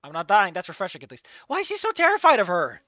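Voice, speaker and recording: Male fic reader, high and lively, irreverent comedic commentary between passages. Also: dry recording. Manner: animated, swears freely, quick to laugh at the text. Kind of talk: dramatic reading with comedic asides.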